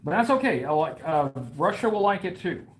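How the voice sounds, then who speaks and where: A man's voice: high-pitched, expressive, brisk. A man with a slightly raised voice chats casually on a live stream while sketching, spinning mock-grand boasts about his own work. His talk rambles, full of uhs and restarts, with faint noise running under the recording. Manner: jokey mock-grandiose bragging, rambling with many fillers. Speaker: toy review channel host.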